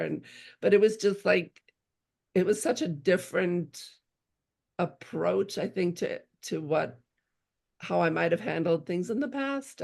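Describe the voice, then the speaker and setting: Lowish and gravelly with a slightly rough, somewhat mellow quality, a middle-aged woman's voice carries an earnest, casual parenting story from her own life. She restarts frequently, leans on "you know," and performs the voices of people she quotes.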